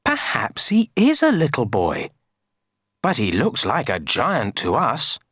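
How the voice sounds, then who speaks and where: A woman reading aloud, voicing a crowd of cross villagers who shout in high, drawn-out voices. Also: wildly swooping pitch, husky, no echo, clean studio sound, heavily acted. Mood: pleading.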